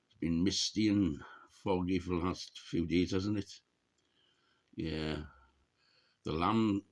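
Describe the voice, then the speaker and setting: A middle-aged man chatting casually to camera in a rambling, jokey way, often clearing his throat. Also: on the low side. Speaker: vlogger.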